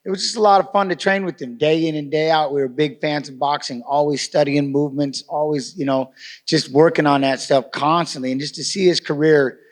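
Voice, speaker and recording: A man's voice: on the high side, fairly even intonation, fairly quick. A man on a fighters' panel telling a fond, chuckling story in a casual way.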